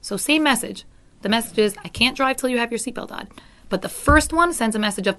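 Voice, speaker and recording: A woman's voice: a little high, animated, brisk, a bit bright. A middle-aged woman parenting educator giving an earnest talk to parents. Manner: earnest, acts out teacher voices in quotes.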